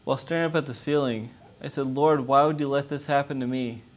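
A man's voice: medium pitch, steady tone, fairly quick. Impassioned man preaching a testimony. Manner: impassioned, rising to loud pleading. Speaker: missionary preacher. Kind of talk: testimony sermon.

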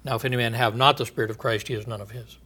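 A man preaches with a steady tone, building toward emphatic, stretched-out phrases as his volume rises and easing into a quiet low voice when a thought concludes. Short chuckles separate his points.

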